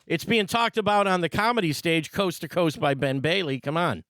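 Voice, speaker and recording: An animated man hosts a casual chat from his desk, and his voice jumps high and low as he talks. It sits fairly high for a man. He agrees often and laughs easily. The sound is dry and close, with no room around it. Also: moderate pace, no echo. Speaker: podcast host.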